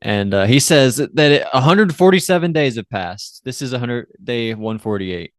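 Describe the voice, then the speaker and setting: Animated and mid-range at a moderate pace, this male co-host chats casually through an episode recap, recorded in a clean studio without room sound. His loose, filler-heavy rambling includes playful impressions of characters' lines.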